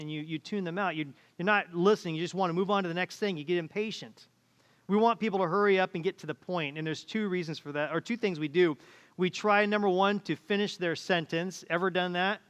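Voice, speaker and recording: A man's voice: high-pitched, fairly bright tone. A middle-aged man preaching a conversational sermon as pastor, acting out quoted voices, recorded in a church auditorium. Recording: church hall reverb.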